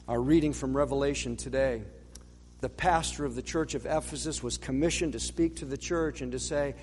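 A man preaching a sermon as a pastor, emphatic, slowing down to stress words and dropping low and soft at the end of key lines. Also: big-room sound, slight background noise.

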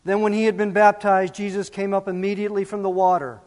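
A man's voice: high-pitched, level tone, quick pace, darkish tone, in a large hall. A man preaching a sermon as pastor, emphatic and full of rhetorical questions.

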